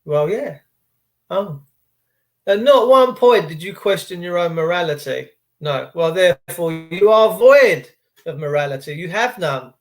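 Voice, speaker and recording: High-pitched British man ranting. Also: lively intonation, unhurried. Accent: British English. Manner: heated, emphatic and repetitive. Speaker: host. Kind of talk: monologue rant to camera.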